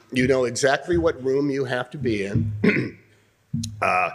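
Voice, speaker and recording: Husky older man coaching an acting class. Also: medium pitch. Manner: animated, coaching, clears throat often. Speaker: acting teacher. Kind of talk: acting workshop instruction.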